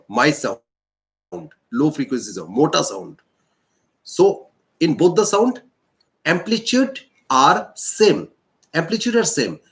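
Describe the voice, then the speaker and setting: A male teacher with an Indian English accent, slowly explaining a physics lesson and repeating key points. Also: a little high, a bit bright. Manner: slow, repetitive explaining. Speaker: science teacher.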